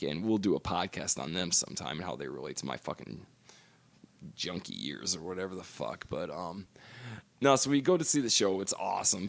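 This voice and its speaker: A man's voice: low-pitched, creaky. A middle-aged man co-hosting a podcast, telling long profane stories in casual chat. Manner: profane storytelling. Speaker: podcast co-host.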